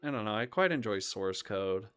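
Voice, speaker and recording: A man's voice: on the low side, expressive, moderate pace, fairly bright tone, smooth, soft background music. A young man hosting a live stream, chatting casually about movies in a rambling way, with lots of ums and half-finished thoughts. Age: young adult.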